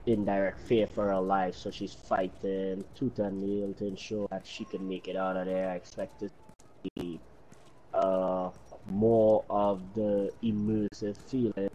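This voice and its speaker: A man co-hosting a gaming stream, explaining his expectations in an even, explanatory way. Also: sits low, unhurried, dull audio, a little hiss or hum. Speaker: co-host. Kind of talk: casual gaming stream talk.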